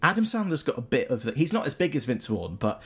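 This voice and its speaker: A man's voice: medium pitch, very animated, fast, slightly rough. A man guesting on a film podcast, joking and opinionated in casual chat.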